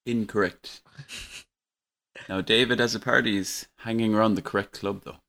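An Irish man hosting a casual podcast football quiz, relaxed and chuckling, slightly tipsy. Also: fairly low pitch, normal speed, vocal fry. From Ireland. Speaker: quiz host.

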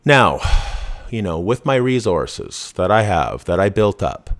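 A podcast host, talking in a blunt, profane, casual monologue full of restarts. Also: male voice, lowish voice, big pitch swings, a little slow.

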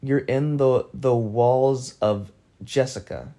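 A man quoting a calm, unbothered woman. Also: medium pitch, takes it slowly. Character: calm matter-of-fact woman, former girlfriend. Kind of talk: quoted dialogue in a spoken anecdote.

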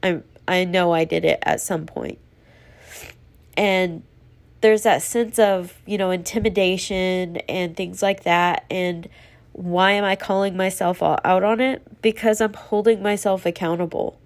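A woman's voice: on the low side, steady tone, a little slow. A woman hosting a solo podcast, talking in a rambling, earnest, self-reflective way and running out of breath. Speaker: podcast host. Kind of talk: solo casual podcast monologue.

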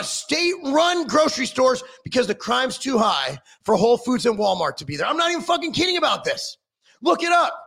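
A man's voice: very high voice, creaky, pushed and bright. A middle-aged man giving a heated, sarcastic political rant full of swearing.

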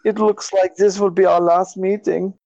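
A man's voice: high voice, little pitch movement, moderate pace, gravelly, a little mellow, no room sound, muffled recording, voice pushed up. A man putting on a melodramatic movie character in an exaggerated mock German accent, theatrical and overwrought.

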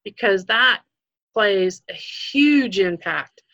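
An earnest woman gives parenting advice in a relaxed conversation, often starting over and filling gaps with "um". Her voice sits at a middle pitch and sounds dull and lo-fi, close and dry with no room around it. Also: slow, no room sound. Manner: earnest, many fillers and restarts. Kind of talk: casual advice talk.

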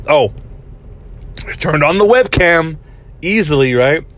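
A man's voice: on the high side, animated, takes it slowly, a bit bright. A young man hosting a podcast, telling a story in a casual, rambling way, swearing often and restarting his sentences. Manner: rambling and profane, many restarts. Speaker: podcast host. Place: parked vehicle.

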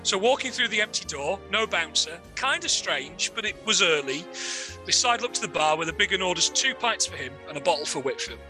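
A man telling a crude comic anecdote with lively relish. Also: high voice, fairly quick, music in the background. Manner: lively, laughs at own story, crude. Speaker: guest storyteller.

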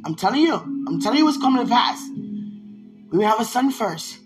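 Fairly high-pitched and sing-song, a woman speaks fairly quickly in casual talk to the camera, gushing and giggling to a loved one as a vlogger. She rambles with her voice swinging up and down. Music plays under the low-quality recording.

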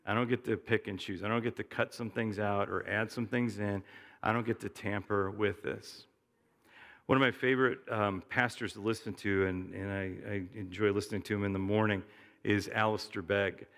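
A man's voice: fairly low pitch, steady tone, normal speed, fairly bright tone, in a large hall. A middle-aged man preaching a sermon in a conversational, storytelling way. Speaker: pastor. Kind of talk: sermon with anecdotes.

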